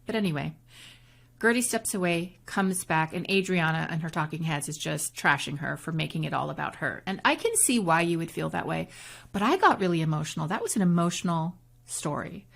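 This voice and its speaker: A woman co-hosting a casual podcast, her voice sitting a bit low. She recaps events in an animated storytelling manner, talking through each scene. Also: gravelly. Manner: animated, storytelling, quick recaps with acted quotes. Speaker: podcast co-host. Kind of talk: casual chat reviewing reality TV.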